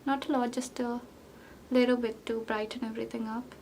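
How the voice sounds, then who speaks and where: A woman's voice: on the high side, level tone, fairly quick, a little mellow, slight background noise. A young woman vlogger talking through her makeup routine in a rambling, chatty way, full of fillers and self-deprecating asides. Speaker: beauty vlogger. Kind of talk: chatty get-ready-with-me makeup talk.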